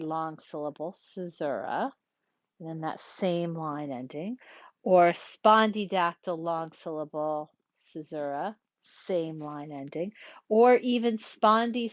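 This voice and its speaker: Woman, Latin teacher, slow and methodical, lowish voice, dry close sound. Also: no room sound. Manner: clear, methodical explanation, reads verse slowly. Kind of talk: recorded lecture.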